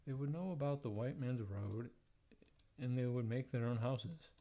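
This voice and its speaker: A man livestreaming, reading old letters aloud in a plain, halting way, breaking off for blunt, profane joking asides. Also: medium pitch, creaky, dark tone. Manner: plain, halting read-aloud delivery, stumbling and restarting over odd wording.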